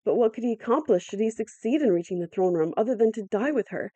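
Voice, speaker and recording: A woman narrating an audiobook in a measured, dramatic storytelling manner. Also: fairly high pitch, expressive, mellow, no room sound. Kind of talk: audiobook reading.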